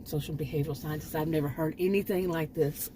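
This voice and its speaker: A woman's voice: sits low, steady tone, fairly quick, warm tone, slight background noise, low-quality recording. An older woman vlogging in a casual, rambling monologue, often restarting her sentences and sounding frankly exasperated.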